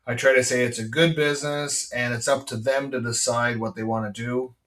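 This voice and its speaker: A man's voice: mid-range voice, steady tone, fairly quick, fairly bright tone, far from the mic. A Canadian man, a farmer hosting his podcast, talking in a blunt, rambling way with lots of fillers and restarts. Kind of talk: casual rambling monologue. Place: farm.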